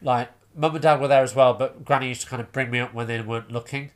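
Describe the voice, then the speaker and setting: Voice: mid-range voice, fast talker. A comedian telling stories in a casual chat, acting out the people in them. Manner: animated storyteller, acts out quoted voices, frequent restarts. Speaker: stand-up comedian.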